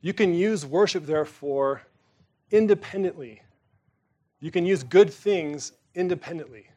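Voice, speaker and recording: A pastor preaches in a loose, conversational, unhurried way, his voice a little high for a man. He leans hard on some words, then lets his voice drop soft and low, swinging between emphasis and quiet.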